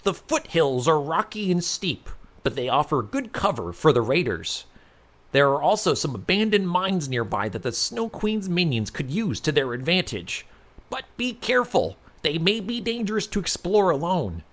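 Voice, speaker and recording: A man's voice: a little high, sing-song, normal speed, fairly bright tone, pitched above the performer's own voice. A man voicing a cautious village leader giving earnest warnings in a narrated fantasy story. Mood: grave.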